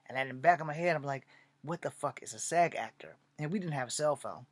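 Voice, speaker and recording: Here the would-be filmmaker from Virginia sounds a little high and quick, with no room sound at all. He curses freely through a long, casual retelling of his life, lively and voicing the lines other people said.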